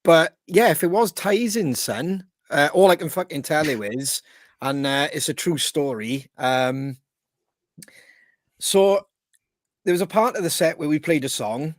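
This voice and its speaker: A man's voice: on the high side, measured pace, no room sound, clean studio sound. Swearing man telling stories. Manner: swears constantly, animated storyteller. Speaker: podcast host. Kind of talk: casual chat. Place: home studio on a live video stream.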